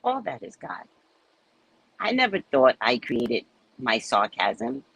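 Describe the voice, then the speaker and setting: A woman's voice: extremely low pitch, slow, breathy edge, dry recording, rough recording. A woman reading a spiritual book aloud and breaking off into candid, laughing commentary. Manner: animated, laughing, candid asides. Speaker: spiritual reader and speaker.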